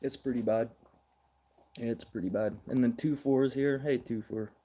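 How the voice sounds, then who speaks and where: A man's voice: mid-range voice, fairly even intonation, moderate pace, mellow, husky. A middle-aged man from Manitoba, hosting a casual livestream news show, blunt and ranting, swearing now and then. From Manitoba, Canada.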